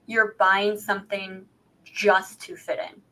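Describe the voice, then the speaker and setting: Bright, chatty woman co-host. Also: mid-range voice, little pitch movement, slow pace. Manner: chatty, self-deprecating, asks rhetorical questions. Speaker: podcast co-host. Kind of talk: casual chat.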